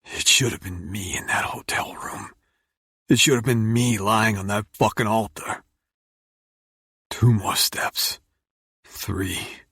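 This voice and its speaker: A man narrating a dark romance audiobook in first person, brooding and intense. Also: sits low, breathy edge, no room sound, studio quality.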